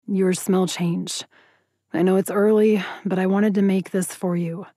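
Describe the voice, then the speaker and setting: A woman's voice: medium pitch, steady tone, measured pace, warm tone, dry recording, studio quality. Woman voicing a nervous bear-shifter rancher. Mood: nervous, tender. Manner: rambling nervously.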